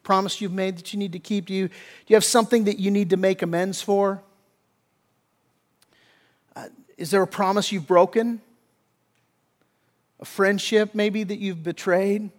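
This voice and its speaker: A man with a high voice delivers a sermon from the pulpit, pressing his points hard and often restarting mid-phrase. He swings from loud emphasis down to a hushed near-whisper in tender moments. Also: steady tone, moderate pace, pauses often. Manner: emphatic preaching with many restarts, voicing biblical figures in quotes. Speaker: pastor.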